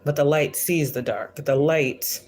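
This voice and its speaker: A woman's voice: low-pitched, a little slow, a little mellow. Blunt, profane woman preaching spirituality. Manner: emphatic, repeats lines for stress. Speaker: spiritual reader and livestream host. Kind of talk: casual spiritual livestream rant.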